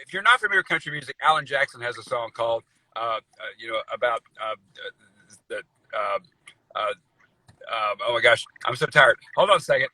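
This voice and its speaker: A middle-aged guest country singer chats casually in a video call interview, his voice medium-pitched and sharp with no echo, though the recording is low quality. He's a folksy, rambling storyteller who says "y'all" and uses lots of fillers.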